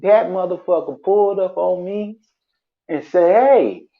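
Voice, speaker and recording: Man, a touch high, rambling profane storyteller, dull lo-fi sound. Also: steady tone, a little slow.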